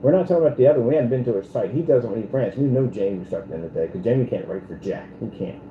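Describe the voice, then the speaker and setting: A man's voice: medium pitch, lively intonation, racing, narrow, tinny audio, a little hiss or hum. A man hosting a confrontational commentary rant, taunting and repeating himself. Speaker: channel host. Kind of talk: ranting commentary video. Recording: echoey room with music behind.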